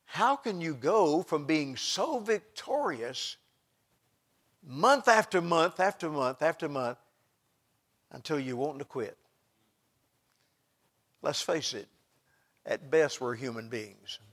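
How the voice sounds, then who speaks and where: This sermon comes from a middle-aged man whose voice sits noticeably high. He's animated and slow, pausing often, swinging between loud, passionate outbursts and quiet asides.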